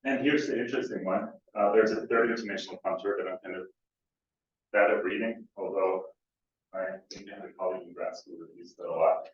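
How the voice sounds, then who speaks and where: A man's voice: deep voice, fairly even intonation, fairly quick. A man giving an academic conference talk, hesitant with many fillers and restarts. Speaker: conference speaker. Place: lecture room. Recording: distant mic, echoey room, dull audio.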